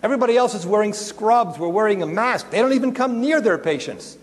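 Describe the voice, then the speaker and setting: A middle-aged man with a high voice gives a lively, joking lecture to a roomful of dentists. His voice rings out with a long reverb from the large hall. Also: a little fast. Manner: animated, joking, swears and digresses. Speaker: dental emergency lecturer. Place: lecture room with an audience.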